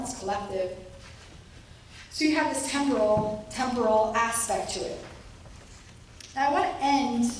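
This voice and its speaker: Female lecturer, high voice, animated delivery, distant mic in a very echoey room. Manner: lively, acts out quoted voices with rising pitch. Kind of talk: academic lecture. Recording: roomy echo, distant mic, faint noise.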